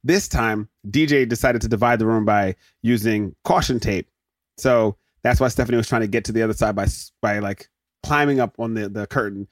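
Recorded dry in studio quality, this podcast host has a lowish male voice. His sitcom episode recap is jokey and animated, peppered with quick mock impressions of the characters.

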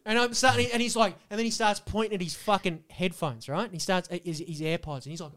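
High-voiced swearing podcast man. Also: a little fast. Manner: profane, animated storytelling. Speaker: podcast co-host. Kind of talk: casual podcast banter.

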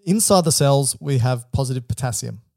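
A man co-hosting an educational podcast, explaining things in plain steps and asking prompting questions in a relaxed chat. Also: mid-range voice, a little fast, vocal fry, dry recording, studio quality. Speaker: podcast co-host.

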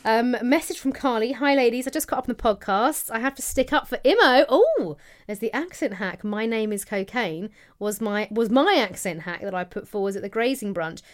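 A woman's voice: on the high side, lively intonation, brisk. A woman co-hosting a podcast in casual chat, bubbly and giggly as she reads out listener messages. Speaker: podcast co-host.

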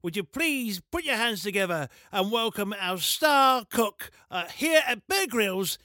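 Theatrical, high-pitched man. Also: lively intonation, measured pace, pushed and bright, no echo. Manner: theatrical, flustered maître d' act. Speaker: comedy podcast co-host. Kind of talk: improvised comedy sketch.

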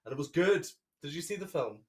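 A man's voice: fairly high pitch, animated, fairly quick. A man co-hosting a casual chat podcast, talking in a playful, jokey, rambling way with many restarts. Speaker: podcast co-host.

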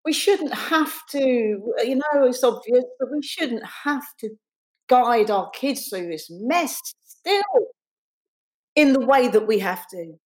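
A woman's voice: fairly high pitch, lively intonation, slow. A woman in her forties, an author and guest, speaking earnestly and reflectively in an interview. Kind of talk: interview chat and reading aloud.

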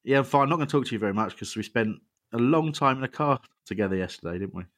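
A man's voice: medium pitch, lively intonation, rapid-fire, fairly bright tone. A man hosting a podcast panel, jokey and rambling, often laughing at himself. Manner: jokey, rambling, self-deprecating. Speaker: podcast host. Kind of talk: casual chat.

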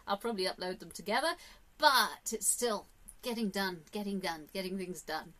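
An English woman vlogger talks casually in a rambling, opinionated monologue, her medium-pitched, slightly bright voice moving at a moderate pace. She's chatty and full of fillers, with sudden emphatic rises.

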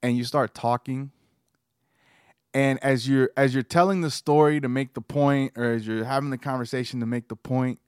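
A man's voice: mid-range voice, steady tone, moderate pace, clean tone, dry recording, clean studio sound. Rambling, joking male podcast host. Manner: rambling, joking, lots of fillers. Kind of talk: casual podcast chat.

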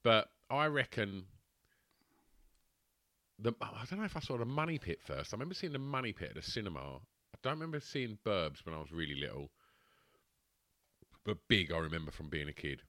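A man's voice: fairly low pitch, expressive, a little fast, pauses often, bright, forceful tone, no echo, clean studio sound. A man, co-hosting a podcast and rambling enthusiastically about films, swearing freely. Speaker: podcast co-host. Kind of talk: casual banter about films.

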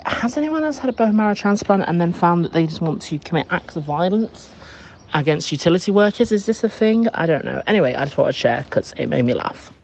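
A man's voice: high voice, big pitch swings, a little fast, creaky. A man leaving a chatty, amused voice message telling a story from work. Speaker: caller leaving a voice note. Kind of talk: recorded voice message. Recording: dull lo-fi voice note with faint hiss.

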